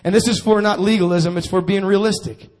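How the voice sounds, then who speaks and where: A man's voice: high-pitched, fairly even intonation, a little fast, a little mellow. A man preaching a sermon to his congregation, calling for responses and repeating his phrases. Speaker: pastor.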